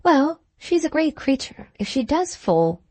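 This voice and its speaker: A woman reading the part of a poised, shrewd upper-class Victorian hostess, with measured, drawn-out phrasing. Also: high-pitched, very animated, a little mellow, no room sound, pitched above the performer's own voice. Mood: knowing.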